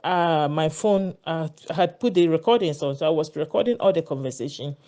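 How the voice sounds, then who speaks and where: A woman's voice: deep voice, moderate pace, warm tone. A woman telling a personal story in a casual monologue, earnest, often repeating words as she searches for them. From Ghana. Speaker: vlogger sharing a personal story.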